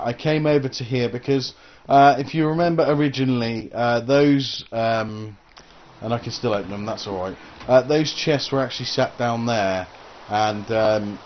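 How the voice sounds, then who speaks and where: A man's voice: medium pitch, slight background noise. A man giving casual gameplay commentary as a gaming channel host, rambling and hesitant with lots of uh and um. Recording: dull lo-fi recording.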